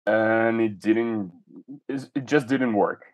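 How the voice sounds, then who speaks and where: A man's voice: on the low side, slow pace. A man, a toy artist guest, talking casually and thoughtfully with frequent restarts. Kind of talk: casual chat.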